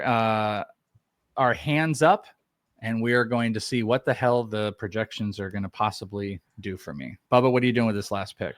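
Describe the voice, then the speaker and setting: A man hosting a casual podcast chat, thinking aloud with animated energy. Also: fairly low pitch, no echo, studio quality. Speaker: host.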